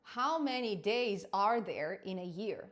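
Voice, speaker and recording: A woman's voice: mid-range voice, animated, unhurried. A woman hosting a casual live coding stream, thinking aloud as she works and answering chat.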